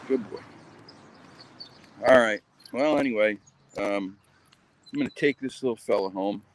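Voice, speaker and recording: A man's voice: on the low side, moderate pace. A man casually chatting on a live stream while walking his dog outdoors, rambling with lots of ums and uhs. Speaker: channel host.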